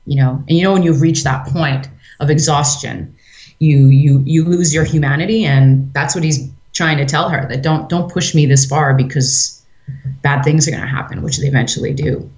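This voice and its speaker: A woman co-hosting a podcast in casual chat, telling a story in an animated way and acting out quotes. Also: low voice, moderate pace. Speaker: podcast co-host. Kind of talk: casual chat, retelling an opera plot.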